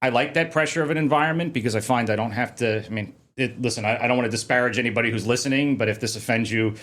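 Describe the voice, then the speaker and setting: Male podcast guest, a fire protection engineer, rapid and lively in casual chat. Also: medium pitch. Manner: fast, animated storyteller, mocks officials in a sing-song voice.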